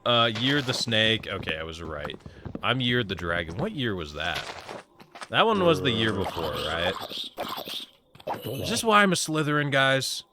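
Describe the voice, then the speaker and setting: Low-voiced guy gaming on stream, chatty and rambling, a touch sore, with hiss behind. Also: big pitch swings, moderate pace, pauses often. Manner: rambling, chatty, talks to chat. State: slightly sore voice. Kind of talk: casual live-stream chat while gaming.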